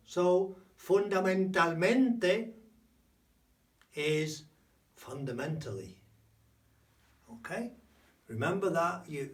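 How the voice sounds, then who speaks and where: A man giving a spoken language lesson, explaining slowly and repeating key words. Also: a little high, far from the mic. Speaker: language teacher.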